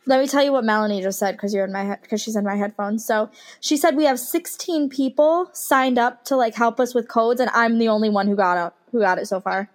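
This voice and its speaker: A young woman with a fairly high voice speaks briskly, co-hosting a podcast and chatting casually with friends. She's chatty, swears freely, reads posts aloud, and hiccups. She's using headphones with a mic.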